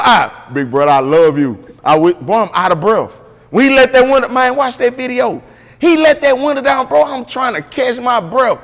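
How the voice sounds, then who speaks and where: A man's voice: extremely high pitch, animated, normal speed, fairly bright tone, in a large hall. A man guest in an interview, telling a story casually and with animation, full of slang and repeated "bro".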